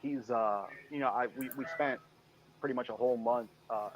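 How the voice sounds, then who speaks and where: A man's voice: medium pitch, steady tone, moderate pace, rough recording. A man from Michigan talks through his stories in a loose, rambling way, packing in "you know" and "I said", and slips into other people's lines as he goes. His voice sits in a middle register. Faint noise hums behind him. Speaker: guest. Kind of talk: casual interview storytelling.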